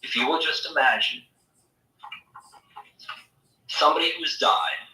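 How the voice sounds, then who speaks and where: A man gives a spiritual lecture with a very bright, sharp-edged voice. He tells stories in an animated way and slips into the voices of imagined people. The room echoes, and he sounds set back from the microphone. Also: fairly high pitch, measured pace. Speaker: spiritual teacher. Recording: echoey room, mic far off.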